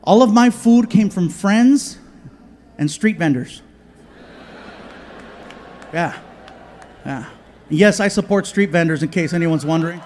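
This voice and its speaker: Stand-up comedian, high-voiced man, animated storyteller, live stage. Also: slow, long pauses, slight background noise.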